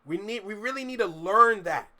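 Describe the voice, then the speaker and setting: A man's voice: sits high, animated, moderate pace, bright, forceful tone. A man with a Toronto accent, hosting a reaction video and giving emphatic, opinionated commentary that repeats its points. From Canada. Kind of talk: casual commentary over a clip.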